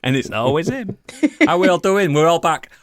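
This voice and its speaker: A man's voice: on the high side, expressive, moderate pace, no echo, studio quality. A man hosting a casual podcast chat, teasing his co-hosts as he introduces them. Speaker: podcast host.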